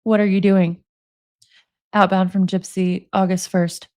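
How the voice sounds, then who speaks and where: A woman's voice: mid-range voice, little pitch movement, unhurried, a little mellow, no echo, studio quality. A woman in her forties reading prison emails aloud and commenting on them, amused and sarcastic, laughing often. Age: 40s.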